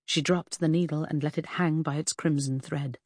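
A woman narrating an audiobook in the first person, measured and composed. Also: deep voice, fairly even intonation, a little mellow, dry recording, studio quality.

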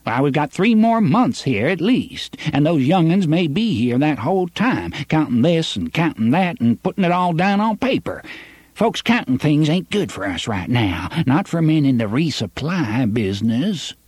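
Quavery old gunslinger. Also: male voice, on the high side, very animated, normal speed, darkish tone, slightly rough, dry recording, pitched above the performer's own voice. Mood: cautious, scheming. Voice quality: quavering, drawling. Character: old-sounding male gunslinger, wary and sly.

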